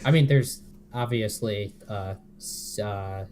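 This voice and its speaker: Slow, low-voiced man reading aloud. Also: darkish tone, a little hiss or hum. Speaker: podcast co-host. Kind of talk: reading fanfiction aloud, casual chat.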